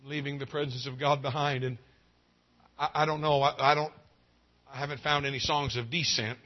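A man preaching a revival sermon, swinging from hushed pleading to loud exclaiming and stretching out key phrases. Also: mid-range voice, little pitch movement, moderate pace. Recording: dull lo-fi sound.

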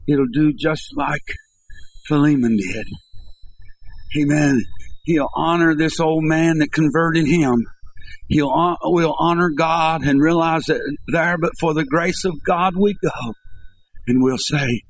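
A man preaching a sermon in church, telling a story and then building to impassioned, shouted appeals to the congregation. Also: fairly high pitch, takes it slowly, rough recording.

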